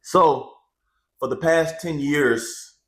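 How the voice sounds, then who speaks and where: This vlogger, a man in his twenties, gives viewers a casual, animated testimony into a handheld mic, repeating phrases for emphasis. His voice is a little high and he speaks very slowly.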